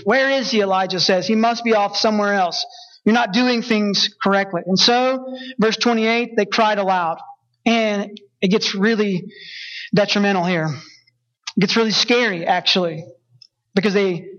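A man's voice: sits high, a bit bright, lo-fi sound. A young adult man, a pastor, preaching a sermon in a conversational style with joking asides to the congregation.

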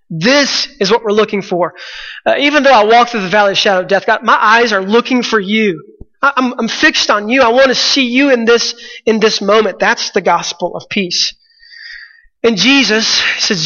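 Man, preacher, sermon, high bright voice, earnest, repeats phrases, dull sound, church hall echo. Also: moderate pace.

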